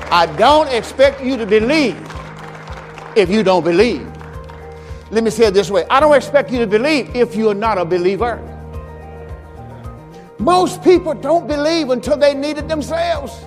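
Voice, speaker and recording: Long pauses punctuate this high-voiced pastor's expressive sermon at normal speed, given in a reverberant church sanctuary with a faint crowd. He preaches with call-and-response that climbs to shouting and tells stories with acted quotes and sound effects, captured in a service recording with long hall reverb and faint music.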